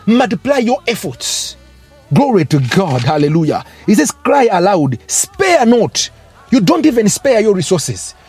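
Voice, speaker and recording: A man's voice: high-pitched, a little mellow, breathy edge. A man preaching a fervent sermon, breaking into tongues and rising exclamations.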